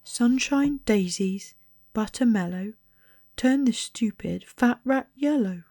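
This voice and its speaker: A woman's voice: lowish voice, normal speed, creaky, dark tone, no echo, clean studio sound. A woman voicing a cheeky, chatty young schoolboy in a read-aloud storybook. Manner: chatty, blunt.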